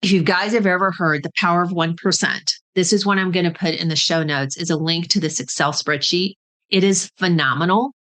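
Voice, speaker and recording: A woman's voice: on the low side, steady tone, a little fast, a bit bright. A woman hosting a business podcast, explaining ideas in a casual teaching talk and often checking in with "right?" and "okay?". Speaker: podcast host.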